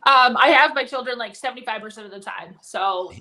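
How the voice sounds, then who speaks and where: Brief: female comedian on a phone call, bright and fairly high, chatty. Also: a little fast. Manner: chatty storyteller, lots of fillers and laughs. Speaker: guest comedian. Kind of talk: casual chat.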